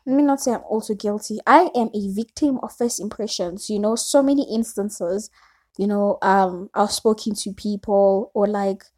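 Woman, young, casual vlog storytelling, rambling with fillers, mellow tone. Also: medium pitch. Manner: chatty, rambling, lots of fillers. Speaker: vlogger. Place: at home.

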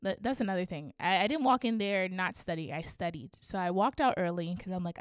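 Animated young woman telling a story. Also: mid-range voice, normal speed, clear, resonant tone, no echo, clean studio sound. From Canada. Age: young adult. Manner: animated, swings from hushed to shrieking; laughs through her own story. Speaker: podcast host. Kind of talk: casual storytelling.

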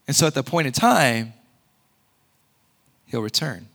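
Bright-voiced earnest male preacher. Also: mid-range voice, big pitch swings, a little slow, creaky. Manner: conversational, earnest, with sudden loud emphatic peaks. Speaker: pastor. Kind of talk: sermon.

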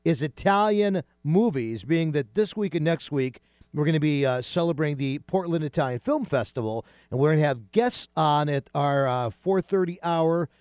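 Animated chatty male radio host. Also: fairly high pitch, normal speed, clean tone, no echo, studio quality. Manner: chatty, animated, many fillers and restarts. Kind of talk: casual radio talk show.

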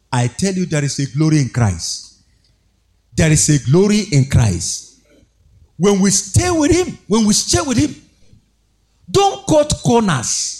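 A man's voice: fairly high pitch, darkish tone. A man preaching a sermon, exhorting with rhetorical questions, repeated phrases and a sing-song emphasis.

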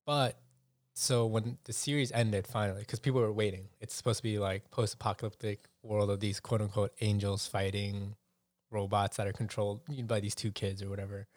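A man's voice: lowish voice, flat delivery, brisk, no echo, clean studio sound. A man chatting casually on a podcast, rambling and hedging as he tells stories, with some swearing. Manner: rambling, hedging, profane storyteller. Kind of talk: casual chat.

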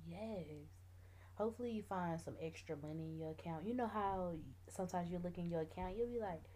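A woman's voice: on the low side, fairly quick, mellow. A woman in her twenties co-hosting a podcast, talking in an upbeat, encouraging, playful way. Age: 20s. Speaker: podcast co-host. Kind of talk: casual chat.

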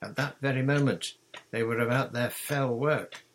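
A man's voice: medium pitch, fairly even intonation, slight background noise, pitched above the performer's own voice, close to an everyday voice. A man reading a storybook, voicing a bold, bossy girl who leads her friends like a pirate captain. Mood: excited. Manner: commanding, brisk, dramatic.

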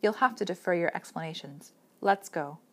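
A woman voicing a possessed little boy who speaks slowly in a flat, cold, insolent way, in an audiobook reading. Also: on the low side.

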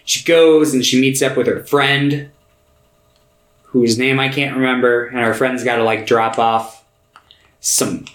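Brief: easygoing male co-host, mid-pitched, loose filler-heavy talk, echoey room. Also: steady tone, measured pace, pauses often, a bit bright. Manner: laid-back, filler-heavy recaps. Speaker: podcast co-host. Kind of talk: casual film discussion. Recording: roomy echo.

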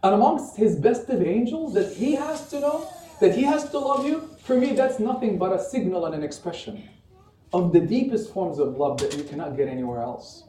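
A man's voice: high voice, expressive, normal speed, mellow, slight background noise. A man as imam giving a Friday sermon, impassioned and full of rhetorical questions. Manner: impassioned, rhetorical questions, rising and falling delivery. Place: mosque prayer hall. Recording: echoey mosque hall, mic from a distance.

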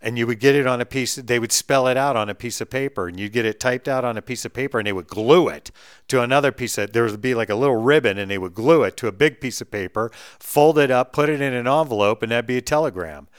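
A man's voice: fast talker, clean tone, no echo. Blunt, ranting middle-aged man, dry sound. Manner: blunt and profane, swings between loud outbursts and low mutters. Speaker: vlogger ranting on camera. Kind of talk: heated monologue rant.

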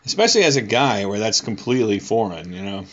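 A man's voice: on the low side, sing-song, quick pace, a bit bright. A male podcast host in casual chat, rambling and often restarting his sentences. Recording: slightly dull lo-fi.

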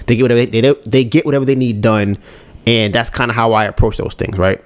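Candid man musing out loud. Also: medium pitch, steady tone, fast talker. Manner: candid, rambling, acts out his own inner voice. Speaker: podcast host. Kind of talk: casual solo podcast talk.

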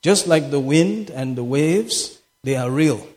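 A man's voice: a little high, expressive, slow, darkish tone. A man preaching a sermon as pastor, impassioned and repeating phrases for emphasis. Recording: echoey hall with long reverb.

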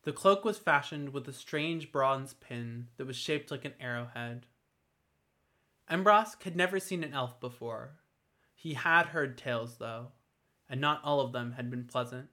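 A man reading a fantasy story aloud in a steady, measured storytelling manner. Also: medium pitch. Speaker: narrator. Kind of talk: scripted fantasy narration.

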